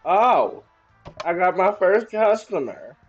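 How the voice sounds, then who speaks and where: An excitable man talking over his gameplay in a higher, very lively voice that leaps up and down. He speaks at an unhurried pace and jokes around. The sound is a little dull, with faint game music behind him. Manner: excitable, joking, exclaims often. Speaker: gaming YouTuber. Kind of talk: let's-play commentary.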